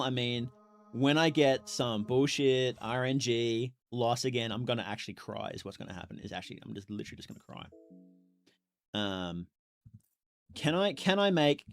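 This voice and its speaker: A man streaming a video game, chatting casually with his chat, reacting loudly with exclamations and laughs. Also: medium pitch. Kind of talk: casual live game commentary.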